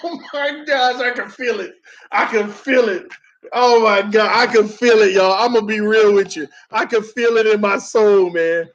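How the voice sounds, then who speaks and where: A man's voice: high-pitched, measured pace, a bit bright, highs cut off, a little hiss or hum. A man reacting to a football game on a live stream, calling plays and dramatically groaning and laughing at viewer comments.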